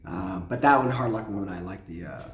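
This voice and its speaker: A man hosting a casual spoken album review, his voice hoarse and cracking, rambling with restarts and humming along. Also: deep voice, a little fast, slight background noise. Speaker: host. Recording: echoey room.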